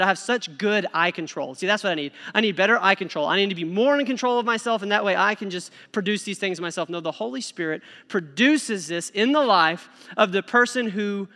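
A man's voice: high voice, sharp tone, long reverb tail. A man preaching a sermon in a conversational way, checking in with "okay?". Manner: conversational, acts out voices, frequent "okay?".

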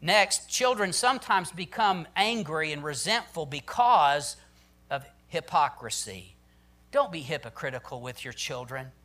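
A man's voice: a little high, big pitch swings, a little slow, bright, forceful tone. A man preaching a sermon on parenting, emphatic, often saying "listen" and "I'm telling you".

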